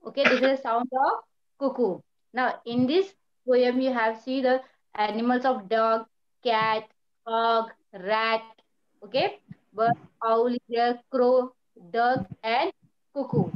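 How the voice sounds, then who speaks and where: Woman teacher, slow patient speech, higher voice, dull lo-fi sound. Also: fairly even intonation. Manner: patient, repeats words, praises often. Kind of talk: online primary school lesson.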